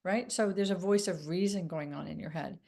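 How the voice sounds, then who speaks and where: Low-voiced woman coaching gently. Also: fairly quick, creaky. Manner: gentle, meandering, many fillers. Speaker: relationship coach. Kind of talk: casual teaching monologue.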